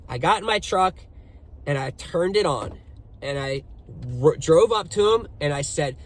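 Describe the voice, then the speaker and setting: A man's voice: fairly high pitch, moderate pace. A young man casually telling his own story, swearing often and speaking with heavy emphasis. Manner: profane, emphatic, animated retelling.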